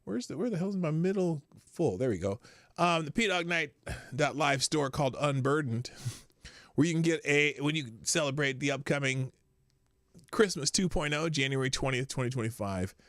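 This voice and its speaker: A man's voice: fairly high pitch, animated, normal speed, a bit bright, dry recording, studio quality. A middle-aged man with a lingering cough, rambling casually as he hosts a livestream and greets viewers in chat. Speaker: livestream host.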